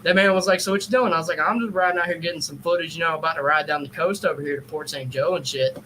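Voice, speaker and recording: A man's voice: fairly high pitch, rapid-fire, slight background noise, rough recording. A man telling a story in a loose, profane podcast chat, acting out both sides of the conversation. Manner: animated, profane, acts out quotes.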